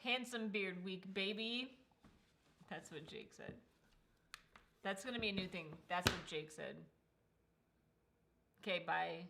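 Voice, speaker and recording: A woman's voice: medium pitch, slow, creaky, long pauses, very noisy. A woman co-hosting a casual book livestream from home, teasing and laughing as she chats. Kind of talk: casual chat.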